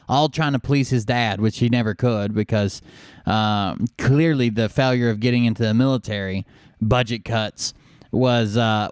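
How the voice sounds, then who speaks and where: A man's voice: mid-range voice, smooth, dry recording, clean studio sound. A man hosting a show, giving casual, mocking commentary on clips. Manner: mocking, sarcastic.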